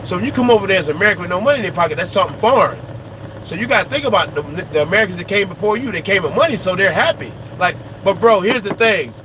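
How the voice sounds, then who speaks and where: A man who vlogs about trucking, talking casually and profanely to his viewers, animated and repeating lines for emphasis. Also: high-pitched, very fast. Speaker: trucker vlogger. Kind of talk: casual outdoor talk to viewers. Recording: noisy outdoor recording.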